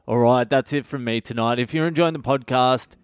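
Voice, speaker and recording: A man's voice: medium pitch, a little fast, clear, resonant tone. A man hosting his own podcast, telling a story in a blunt, profane way with sarcastic asides. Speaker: comedian podcast host. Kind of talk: casual solo storytelling podcast. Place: at home at night.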